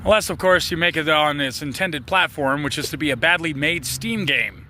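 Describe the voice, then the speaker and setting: High-voiced man with wry mock-grandeur. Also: normal speed, noisy background. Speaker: video creator. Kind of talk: casual comedic monologue.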